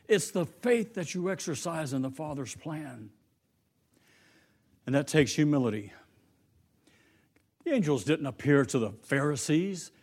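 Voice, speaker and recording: A man's voice: a little high, a little mellow. A man preaching a sermon, telling a story and lifting his voice for the quoted lines.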